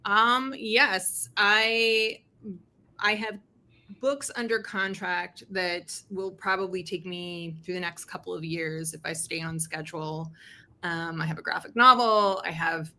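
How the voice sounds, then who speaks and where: A woman's voice: on the low side, steady tone, unhurried, creaky, pushed and bright. A woman author speaking in a casual interview over a video call, chatty and laughing often as she tells stories. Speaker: author guest.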